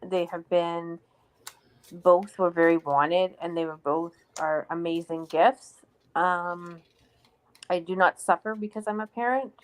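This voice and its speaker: A woman with a fairly low voice co-hosts a casual live stream. She speaks earnestly and reflectively and often answers comments from viewers. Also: steady tone, a little slow.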